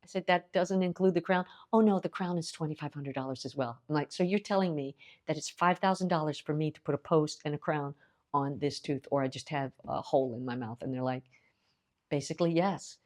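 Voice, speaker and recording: A woman's voice: low voice, fairly quick, darkish tone. A woman in her fifties from the United States telling a story to camera in a chatty way, acting out both sides of her conversations. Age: 50s. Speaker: lifestyle vlogger. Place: India.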